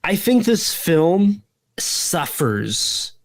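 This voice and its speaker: A man's voice: high-pitched, big pitch swings, very slow, dry recording. A man co-hosting a podcast, giving a rambling, jokey plot recap in casual chat. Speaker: podcast co-host.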